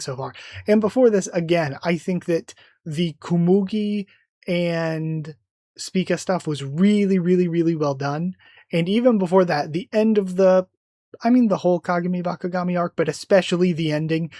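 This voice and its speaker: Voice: mid-range voice, darkish tone, dry recording, studio quality. A channel host giving an enthusiastic, rambling live reaction to a comic, often circling back on their own points.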